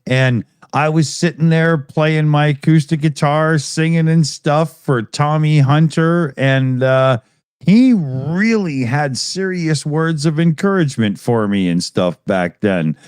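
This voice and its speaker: A man's voice: a little high, slow pace, a little mellow, smooth, no room sound, studio quality. A man in his fifties co-hosting a live stream in casual chat, laughing often and swearing freely.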